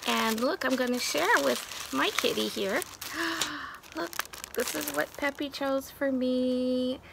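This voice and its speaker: A woman's voice: high voice, slow, vocal fry. A woman talking at home in a chatty, gushing way, with many fillers, as she shows crafting supplies in a casual vlog. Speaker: craft vlogger. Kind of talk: casual show-and-tell chat. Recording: background noise of crinkling packaging.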